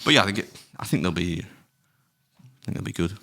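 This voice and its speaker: A man's voice: low voice, lively intonation, moderate pace, creaky, pushed and bright. A middle-aged man co-hosting a podcast, telling rambling anecdotes with plenty of swearing and laughs. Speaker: podcast co-host. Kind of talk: casual chat, storytelling.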